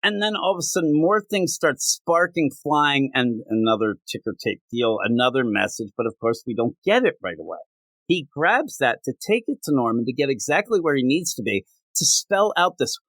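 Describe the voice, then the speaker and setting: A man hosting a casual comic book podcast, rambling and acting out bits of dialogue in quick voices. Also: mid-range voice, big pitch swings, a bit bright, dry recording. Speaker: podcast host.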